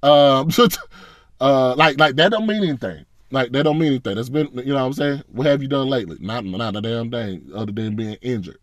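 A man's voice: medium pitch, brisk, no echo, clean studio sound. A man ranting as a fan, blunt and profane, in a casual, frustrated reaction. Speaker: sports fan commentator.

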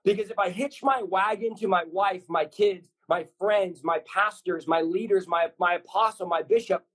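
A man preaching fervently as a podcast guest, his voice pitched high for a man and a little husky. He drives his point home in stacked, repeated short lines, with the insistent push of a sermon. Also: moderate pace, a bit bright, poor audio. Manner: intense, repetitive, builds lists of short punchy lines.

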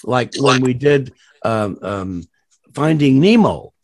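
Give me an animated man spinning rambling anecdotes, dry close sound. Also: medium pitch, slow, dry recording. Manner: rambling, many fillers and restarts; animated, laughs at his own stories. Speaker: voice actor guest. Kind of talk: storytelling interview anecdotes.

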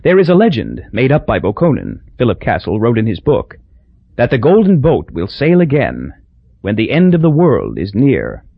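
A man with a husky, gravelly voice narrating an audiobook in a wry, measured way. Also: mid-range voice, wildly swooping pitch, no room sound. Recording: dull lo-fi dry audio.

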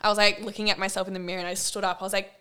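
Young woman, smooth clear voice, casual podcast chat, laughs often. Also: medium pitch, level tone, rapid-fire, pushed and bright. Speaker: podcast co-host.

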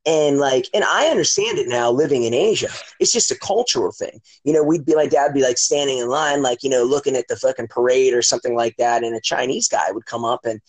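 A man's voice: medium pitch, fast talker, hardly any pauses. Rambling, profane middle-aged man. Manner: rambling and profane, heavy with "like" and "you know". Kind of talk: casual storytelling chat.

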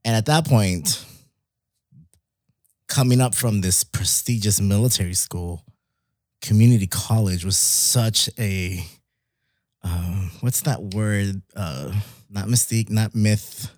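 A young man, telling stories in casual chat, animated, laughing often and dropping in Spanish words. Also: lowish voice, slow pace, long pauses, no echo, clean studio sound. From Mexico.

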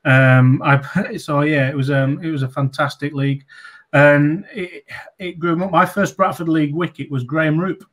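A man's voice: on the high side, fairly even intonation, normal speed, a bit bright. A man in his forties, a former sportsman, telling casual anecdotes with lots of ums, restarts and laughs. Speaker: guest, former cricketer. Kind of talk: casual interview storytelling.

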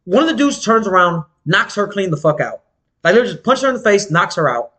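A man chatting casually as a podcast co-host, telling animated, slangy, profane stories. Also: quick pace. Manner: animated storytelling, swings pitch wide, slangy and profane. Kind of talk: casual chat.

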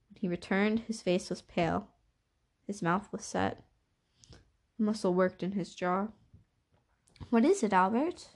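A woman reading a novel aloud as narrator, in a measured, steady storytelling voice. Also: mid-range voice, creaky. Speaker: audiobook reader. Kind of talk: scripted narration.

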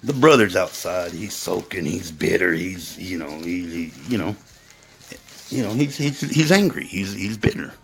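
A man's voice: low voice, expressive, normal speed, vocal fry, husky. A man telling a rambling, profane story straight to his viewers, in a crude and emphatic way. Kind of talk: profane casual monologue to viewers.

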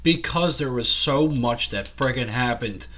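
A man's voice: medium pitch, a little slow, pushed and bright, slight background noise. A man co-hosting a casual comedy podcast, telling rambling, crude stories. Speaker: podcast co-host.

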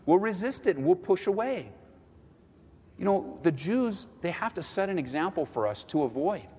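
Male pastor, animated preacher with a fairly high, lively voice, echoing sanctuary. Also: moderate pace, slightly rough. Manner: animated, acts out quoted voices. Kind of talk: sermon. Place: church sanctuary.

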